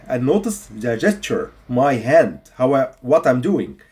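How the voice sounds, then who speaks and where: Male language teacher, husky voice with lively pitch swings, patient and instructive. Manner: repeats example phrases slowly for learners. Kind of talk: video language lesson.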